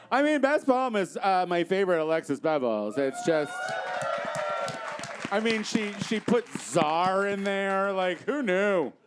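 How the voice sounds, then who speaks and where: Sassy comedy host, male, slow and very lively in pitch, faint hiss behind. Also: crowd noise. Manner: sassy, bossy and teasing. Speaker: host of a comedy game show. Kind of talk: campy live comedy hosting. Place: theater stage.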